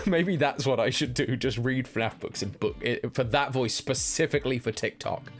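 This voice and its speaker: A man's voice: mid-range voice, normal speed. A young British man chatting casually as a live-stream host, reading chat aloud and laughing often. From United Kingdom.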